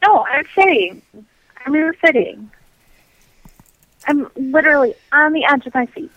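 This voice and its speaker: Eager playful woman cohost, high voice, dry mic. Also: expressive, normal speed, fairly bright tone, no room sound, poor audio. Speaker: co-host. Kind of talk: casual chat.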